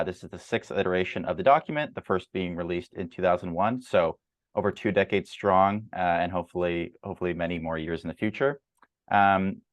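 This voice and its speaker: Deep-voiced man hosting a journal club. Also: dry recording. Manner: measured, with frequent fillers and repeated words. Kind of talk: presenting slides at an academic journal club.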